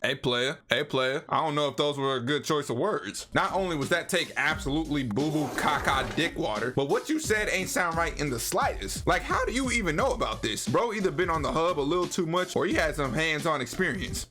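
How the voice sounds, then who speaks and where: A young man hosting a reaction video, roasting clips with profane, animated commentary. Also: a little high, brisk, hardly any pauses. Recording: music playing under voice. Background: background music.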